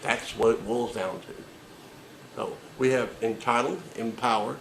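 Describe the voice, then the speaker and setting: A man's voice: mid-range voice, steady tone, unhurried, creaky, a bit bright, roomy sound, slight background noise, low-quality recording. A man delivering a sarcastic, profane comedic rant with emphatic delivery.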